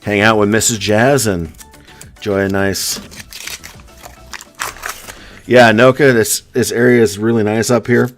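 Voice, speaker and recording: A man's voice: lowish voice, fairly even intonation, normal speed, faint music behind. A man from the US East Coast hosting a casual live stream, chatting and answering viewer comments one by one. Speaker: coin roll hunting live streamer.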